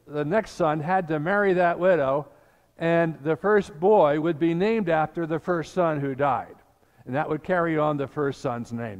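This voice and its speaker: A man's voice: on the high side, lo-fi sound. An older man preaching a sermon as pastor, telling the scripture story and acting out the voices in it. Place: church sanctuary. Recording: long church reverb.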